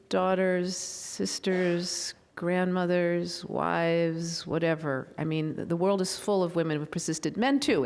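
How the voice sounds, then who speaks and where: A middle-aged woman hosting a civic gathering, speaking into a podium microphone before an audience. She talks in a friendly, rambling way, full of fillers and self-deprecating asides. Her pitch sits in an ordinary middle register for a woman. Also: darkish tone. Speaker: county board member, master of ceremonies. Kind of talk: informal public event hosting and proclamation reading. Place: public event room with an audience.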